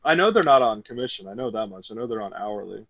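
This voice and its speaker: A man's voice: fairly low pitch, lively intonation, fast talker, creaky, fairly bright tone, muffled recording. A man in his twenties hosting a podcast, telling a story in a rambling casual chat full of "you know". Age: 20s. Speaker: podcast host.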